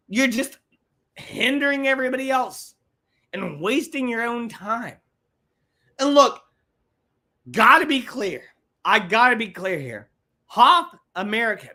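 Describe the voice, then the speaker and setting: High-voiced woman ranting on a podcast. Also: sharp tone. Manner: ranting, profane, repetitive. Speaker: podcast host. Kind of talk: livestream podcast rant.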